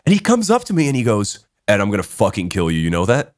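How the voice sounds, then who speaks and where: A young man hosting a podcast, telling a story in casual chat, animated, swearing a lot and laughing as he talks. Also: lowish voice, quick pace, no room sound, studio quality. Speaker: podcast host.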